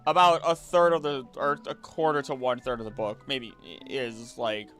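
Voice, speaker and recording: A man's voice: medium pitch, moderate pace, faint music behind. Rambling young man streaming. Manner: rambling, excitable, jumps between topics and restarts often. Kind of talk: casual stream chat. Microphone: desk mic.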